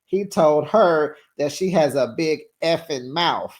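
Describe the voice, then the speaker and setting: A woman's voice: low-pitched, lively intonation, slow pace, darkish tone. A woman hosting a reality TV recap channel, talking in a sassy, gossipy, casual way. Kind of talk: casual chatty recap commentary.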